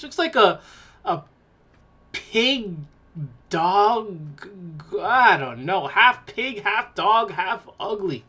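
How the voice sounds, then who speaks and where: A woman's voice: medium pitch, lively intonation, takes it slowly, a bit bright. A woman hosting a podcast, giving casual reaction commentary in a mocking, exclaiming way and laughing in disgust. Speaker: podcast host.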